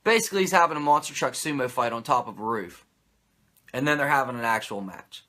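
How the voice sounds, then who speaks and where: A man's voice: mid-range voice, animated, fast talker, sharp tone. A male host giving a comedic, profane and sarcastic wrestling recap.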